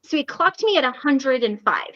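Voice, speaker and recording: A woman hosting a recovery meeting, telling a story in a casual, animated way and laughing often. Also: sits high, moderate pace, dry recording, dull audio.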